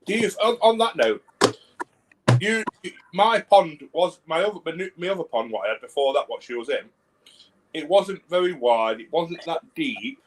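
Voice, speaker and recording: A man chatting casually as a guest, halting and restarting as he talks. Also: a little high, expressive, a little hiss or hum, poor audio. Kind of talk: casual chat.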